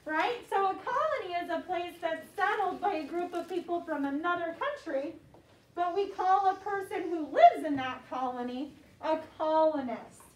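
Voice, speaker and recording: A woman teaching second graders, saying words slowly and clearly for the class to repeat. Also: very high voice, a little mellow, a little hiss or hum. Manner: slow, clear call-and-response teaching. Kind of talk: classroom vocabulary lesson. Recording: echoey classroom mic from far off.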